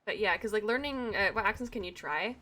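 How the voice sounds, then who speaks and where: A woman's voice: medium pitch, a little fast, pushed and bright. A young woman with an Atlantic Canadian accent and a slight Valley Girl sound, chatting casually and rambling with frequent laughs while streaming a game. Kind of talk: casual chat while gaming.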